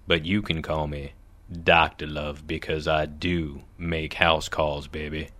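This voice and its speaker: A man voicing a smooth, flirtatious lover who croons suggestively in a comedy sketch. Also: rumbling low, flat delivery, slow pace, sharp tone, heavily acted. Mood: seductive.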